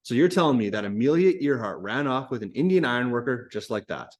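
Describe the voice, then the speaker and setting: A man's voice: medium pitch, animated, quick pace, natural voice. A man reading aloud as a skeptical woman who questions and doubts everything she hears.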